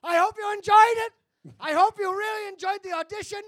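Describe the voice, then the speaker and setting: A man's voice: extremely high pitch, steady tone, a little fast, fairly bright tone, no echo, clean studio sound. Frantic, over-apologetic man on stage. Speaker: comedian auditioning on stage. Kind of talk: comedy sketch performance.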